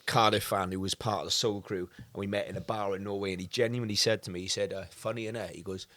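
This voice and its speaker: A comedian chatting on a podcast, telling anecdotes and teasing the others. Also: male voice, on the low side, fairly even intonation, sharp tone. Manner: teasing, quick comic asides. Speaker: comedian guest. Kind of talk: casual pub chat, comic anecdotes.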